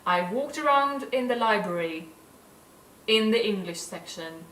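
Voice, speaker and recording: A woman's voice: mid-range voice, animated, measured pace, fairly bright tone, roomy sound, distant mic, slight background noise, poor audio. A young woman from Sweden vlogging in a casual, gushing and earnest way. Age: young adult. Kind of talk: casual vlog talk.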